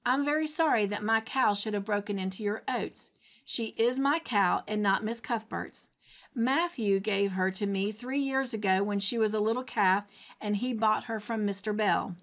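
A woman's voice: medium pitch, normal speed, fairly bright tone, lightly acted. A woman voicing a polite young girl who speaks with careful dignity and firmness. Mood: firm. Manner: dignified, firm.

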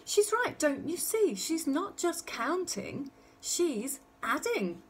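A woman reading aloud, voicing a proud young mother who talks brightly and emphatically. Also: fairly high pitch, wildly swooping pitch, takes it slowly, breathy edge, exaggerated voice. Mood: delighted.

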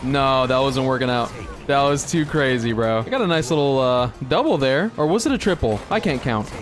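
A young man giving excitable, laugh-filled commentary while playing a shooter game. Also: mid-range voice, moderate pace. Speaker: gaming YouTuber. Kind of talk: casual gameplay commentary. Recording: music heard behind. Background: game music and gunfire.

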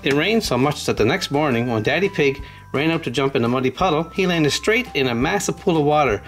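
A man's voice: a little high, lively intonation, brisk, over music. A man casually unboxing toys and reading a children's storybook aloud, chatting to young viewers as he goes. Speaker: channel host.

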